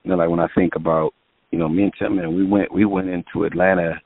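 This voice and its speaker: Deep-voiced man telling a story over a tinny line. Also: fast talker, dry recording. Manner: animated storyteller, acts out quotes, lots of fillers. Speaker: music producer guest. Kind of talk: casual storytelling in an interview.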